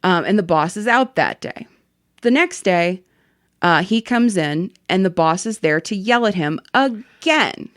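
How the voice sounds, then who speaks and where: A woman reading a story aloud in an animated, casual way. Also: mid-range voice, measured pace, dry recording, studio quality. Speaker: story reader.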